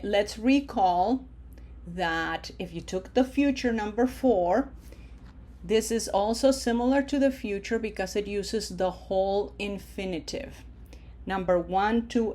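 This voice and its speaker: Slow, careful woman teaching a lesson. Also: medium pitch, a little mellow. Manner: slow, careful explanation with drawn-out model words. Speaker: Spanish teacher. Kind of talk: recorded grammar lesson.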